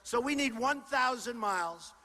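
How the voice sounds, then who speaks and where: A man giving a campaign rally speech, punchy and repetitive and boastful, often shouting to the crowd through a stage microphone in a large indoor venue. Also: very high-pitched, expressive, normal speed. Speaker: political candidate. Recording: long hall reverb with faint crowd noise.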